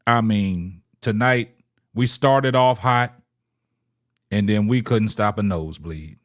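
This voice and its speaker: A young man hosting a casual sports podcast livestream, talking loosely, shouting out viewers and tagging "man" onto nearly every phrase. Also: lowish voice, takes it slowly. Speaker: podcast host.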